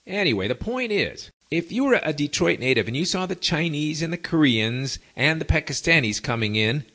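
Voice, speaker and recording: A man's voice: on the high side, big pitch swings, normal speed, fairly bright tone. A man hosting a podcast, talking to his listeners in a wry, folksy storytelling manner. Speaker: podcast host. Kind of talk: casual monologue to listeners.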